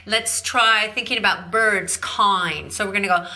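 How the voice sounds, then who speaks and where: A woman's voice: mid-range voice, moderate pace, pushed and bright. A woman vocal coach teaching growling and screaming, demonstrating each sound and praising the student. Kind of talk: scripted vocal lesson.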